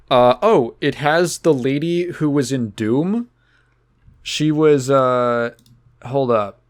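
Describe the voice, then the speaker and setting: A young man hosting a casual podcast, rambling loosely with lots of fillers and the odd curse. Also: mid-range voice. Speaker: podcast host. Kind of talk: casual chat.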